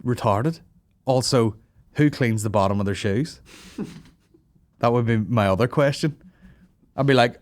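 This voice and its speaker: Male comic host in his thirties, foul-mouthed ranting, bursts of mocking voices, mid-pitched, dry close mic. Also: measured pace, long pauses, dry recording. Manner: swears constantly, mocks people in loud put-on voices. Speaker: podcast host. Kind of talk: profane comedic rant.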